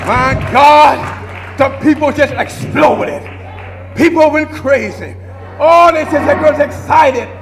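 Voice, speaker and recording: A middle-aged male pastor preaches a eulogy in a strikingly high voice, rising into shouted, sung crescendos in the old whooping cadence. His words ring out through a large sanctuary with a long echo. Soft organ and a murmuring congregation sit beneath him. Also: slow, a crowd in the background.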